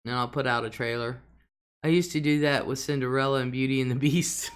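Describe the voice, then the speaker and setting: A woman's voice: rumbling low, steady tone, a little fast, smooth. A middle-aged woman hosting a casual livestream, reading out viewer comments and laughing often. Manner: chatty, laughs often, drawls some words. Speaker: livestream host.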